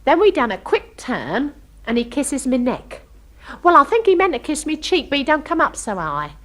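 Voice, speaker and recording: Playing a chatty young working-class girl from London with stars in her eyes, an actress delivers a comic story full of gossip and ungrammatical speech. Her high voice is very animated and fairly bright, at normal speed.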